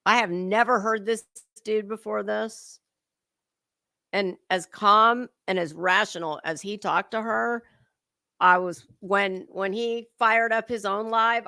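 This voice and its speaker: A woman's voice: medium pitch, fairly even intonation, takes it slowly, sharp tone, no echo, studio quality. A woman hosting a casual livestream commentary, chatty and swearing freely as she greets her chat viewers by name.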